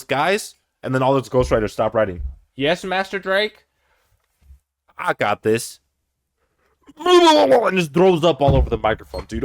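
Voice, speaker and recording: A man whose first language is German, giving casual reaction commentary as a music reaction host, exasperated and mocking. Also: mid-range voice.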